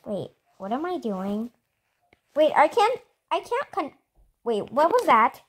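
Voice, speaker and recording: A young girl hosting her own gaming channel, chatting excitedly and giggling to viewers as she plays. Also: high-pitched, slow. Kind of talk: casual gameplay commentary.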